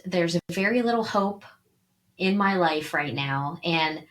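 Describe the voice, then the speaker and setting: Dry-humored woman with a lowish voice. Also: expressive, slow pace, a bit bright. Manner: dry, blunt teasing. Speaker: podcast co-host. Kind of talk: casual chat.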